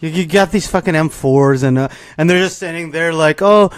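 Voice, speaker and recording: A man's voice: on the high side, a little fast, no echo, studio quality. A man co-hosting a podcast, ranting bluntly and profanely in casual chat. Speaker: podcast co-host.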